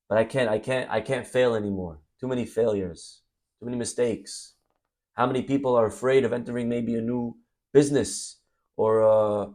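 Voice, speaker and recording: A man teaching as a rabbi, delivering a sermon full of acted-out stories and sudden bursts of energy. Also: medium pitch. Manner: animated storytelling, acts out scenes. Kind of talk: Torah class sermon.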